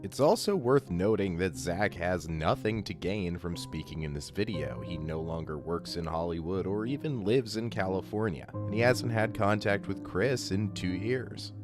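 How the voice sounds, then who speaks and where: A man reading scripted documentary narration in a measured, even way. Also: low-pitched. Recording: narration over guitar music.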